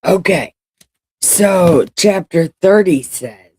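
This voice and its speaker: A woman's voice: rumbling low, slow, a little mellow, no echo. A woman casually reading scripture aloud and breaking off for irreverent, profane asides. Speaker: Bible reading vlogger. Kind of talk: casual Bible reading with commentary.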